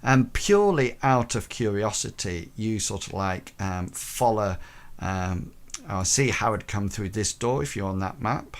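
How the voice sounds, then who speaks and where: A man narrating a tabletop horror game as game master, halting and full of ums. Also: on the low side, expressive.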